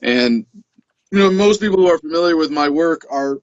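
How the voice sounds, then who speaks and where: A man guest in a casual interview, chatty and quick to laugh, often restarting his sentences. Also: a little high, lively intonation, no room sound. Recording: dull dry remote audio.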